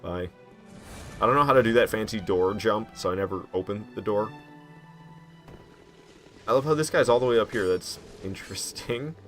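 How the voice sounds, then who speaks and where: Excitable man talking over gameplay. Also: lowish voice, moderate pace, long pauses, soft background music. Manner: excitable, self-mocking, slangy. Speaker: gaming commentator. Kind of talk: casual gameplay commentary.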